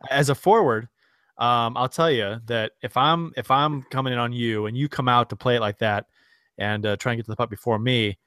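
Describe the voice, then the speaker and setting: A man's voice: mid-range voice, a bit bright, no echo. A man with a mid-range voice chats on a casual sports podcast, teasing his co-hosts and firing off playful, laughing questions about the game. The recording is dry and close to the mic. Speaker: podcast co-host and rec-league forward.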